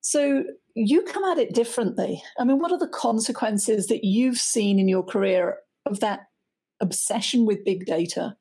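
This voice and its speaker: An enthusiastic woman host leads an interview, her questions eager and lively. Her voice is gravelly and husky, with a dark, mellow tone. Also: mid-range voice, moderate pace. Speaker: podcast host and author. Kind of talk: interview hosting.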